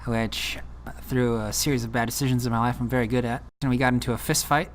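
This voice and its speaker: A man's voice: mid-range voice, fairly even intonation, quick pace, slight background noise. A young man from California casually telling a story about himself, self-deprecating and rambling with fillers.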